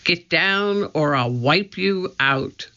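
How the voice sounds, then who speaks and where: A reader voicing a bold, fierce young girl who gives excited orders in a children's storybook. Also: medium pitch, slow, voice pushed up, heavily acted. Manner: excited, commanding. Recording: muffled lo-fi recording.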